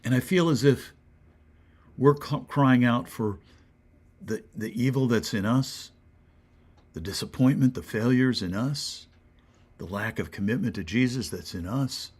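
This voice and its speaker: A man with an American accent, a pastor giving a short devotional sermon, earnest and questioning, sometimes dropping to a soft whisper. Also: mid-range voice, lively intonation, a little slow, breathy edge.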